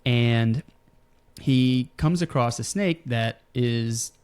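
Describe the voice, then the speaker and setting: Male podcast host, relaxed storyteller, everyday mid voice. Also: medium pitch, extremely slow, clear, resonant tone. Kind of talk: casual wrestling podcast chat.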